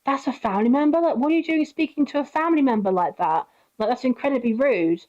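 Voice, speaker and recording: A woman's voice: a little high, expressive, quick pace, darkish tone. An indignant young woman calls out rudeness in a raised, incredulous voice, as a storyteller puts her on. The recording is dull and lo-fi.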